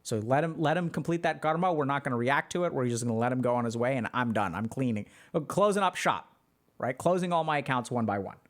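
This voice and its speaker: A man's voice: mid-range voice, quick pace. A man on a livestream, answering chat questions in a loose, chatty way full of fillers. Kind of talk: casual livestream talk.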